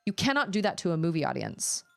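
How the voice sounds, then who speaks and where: Woman rambling on stream, kinda low voice, chatty and animated. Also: fast, creaky, faint music behind. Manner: chatty, rambling, animated when telling stories. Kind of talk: casual chat.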